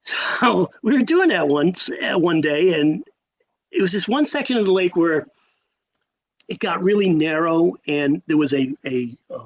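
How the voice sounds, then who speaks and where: A man in his sixties from Connecticut, telling stories as a podcast guest, animated, with sudden rises and emphatic repeats. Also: on the high side, a little slow, muffled recording. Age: 60s. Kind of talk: storytelling in a podcast interview.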